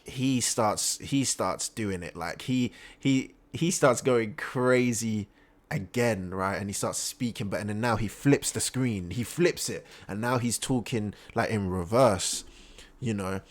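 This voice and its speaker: An excitable young man recaps an anime episode in easy, slangy chatter. His everyday voice sits in a middle pitch, full of fillers and restarts. When a moment thrills him, it jumps up sharply before settling back. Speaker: anime reaction channel host. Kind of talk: casual anime recap commentary.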